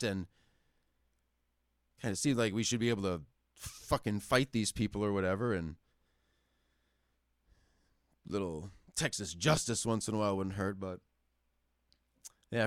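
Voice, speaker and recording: A man's voice: mid-range voice, dry recording. Profane, ranting man on a dry mic. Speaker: call-in show host. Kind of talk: casual rant. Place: lives in the Upper Midwest.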